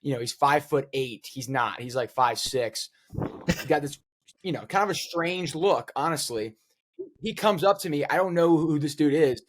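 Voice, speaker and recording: A man, a pro player and guest co-host, telling a rambling, animated story on a casual podcast. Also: on the high side, moderate pace, a little hiss or hum. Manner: rambling, animated anecdote with many fillers.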